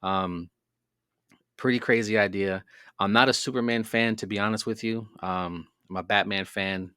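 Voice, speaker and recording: Podcast host, male, low register, loose rambling delivery, dry close mic. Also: fairly even intonation, normal speed, bright, forceful tone, smooth, no echo. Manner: rambling, filler-heavy storytelling. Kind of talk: casual monologue.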